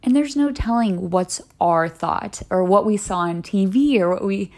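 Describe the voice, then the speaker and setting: A woman's voice: medium pitch, expressive, a little slow, a little mellow. A woman hosting a solo wellness podcast, talking in an earnest, encouraging way with lots of casual "like"s. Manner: earnest, encouraging, chatty with many "like"s. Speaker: podcast host.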